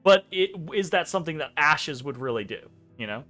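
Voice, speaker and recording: A man narrating as game master of a tabletop game, rambling and correcting himself with quick laughs. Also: a little high, animated, bright, forceful tone, soft background music. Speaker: dungeon master.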